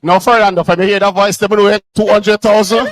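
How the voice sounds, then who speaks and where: A man hosts a live charity telethon with a noticeably high voice. He keeps the fundraising patter upbeat and lively. The sound is dry and close. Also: quick pace, no room sound, poor audio. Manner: upbeat, auction-style calling. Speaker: telethon host.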